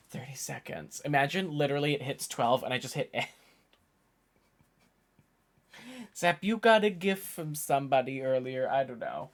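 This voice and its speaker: A man's voice: mid-range voice, animated, a little fast. Streamer, mid-twenties male, loose rambling chat, voice frayed from a long day of talking. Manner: rambling, chatty, thinks aloud. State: tired, voice worn from hours of talking. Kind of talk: casual live-stream chat.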